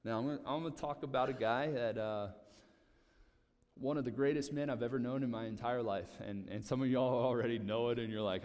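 Conversational preacher in a reverberant hall. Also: male voice, mid-range voice, brisk. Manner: conversational, animated preaching with repetitions. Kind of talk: sermon.

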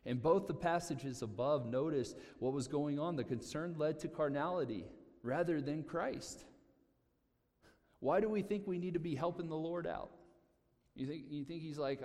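A man's voice: on the high side, moderate pace. A man preaching a sermon, talking casually and animatedly, often repeating himself. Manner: conversational, animated preaching with repetitions. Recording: long hall reverb.

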